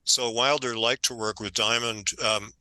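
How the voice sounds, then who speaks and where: An older man, an author being interviewed, telling stories in a conversational, animated way and growing emphatic when indignant. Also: medium pitch, moderate pace, no echo, rough recording. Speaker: author guest.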